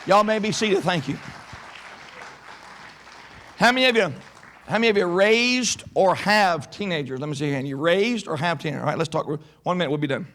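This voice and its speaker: A male pastor preaching a sermon in an animated way, slowing down to stress his points. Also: sits high, some chatter behind.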